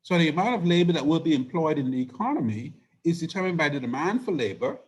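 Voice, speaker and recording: Hoarse male economics lecturer. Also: fairly high pitch, very animated, fast talker. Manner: explanatory, asks rhetorical questions. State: hoarse, losing his voice. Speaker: economics instructor. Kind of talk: recorded lecture.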